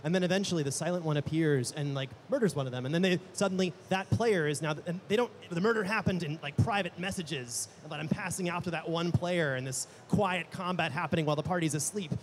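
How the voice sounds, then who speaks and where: A man on a live panel, a podcast game master, rambling quickly through a story about his game. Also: fairly high pitch, background noise. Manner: rapid, rambling storytelling with restarts. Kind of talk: casual panel chat.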